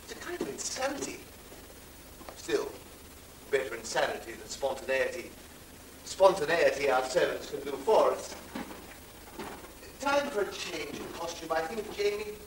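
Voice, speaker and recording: A man's voice: on the high side, very animated, normal speed, pauses often, slight background noise. A man doing a languid, vain wit. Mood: languid witty. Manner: languid, theatrical, self-mocking. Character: languid, witty, vain male aesthete. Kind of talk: stage monologue. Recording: roomy theatre from far off.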